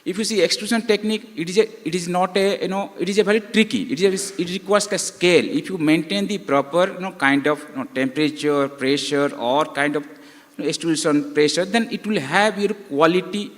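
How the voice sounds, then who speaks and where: A man moderating a panel, speaking hesitantly and often pausing on filler phrases. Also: high-pitched. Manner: hesitant, leans on "you know". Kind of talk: panel discussion. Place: conference hall. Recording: reverberant conference hall.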